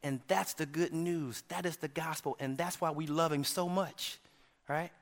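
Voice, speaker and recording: A man's voice: fairly high pitch, steady tone, moderate pace, vocal fry. Male pastor preaching in a reverberant church. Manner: dynamic preaching, swinging from shouts to hushed lines; keeps checking in with the congregation. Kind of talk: sermon. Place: church sanctuary.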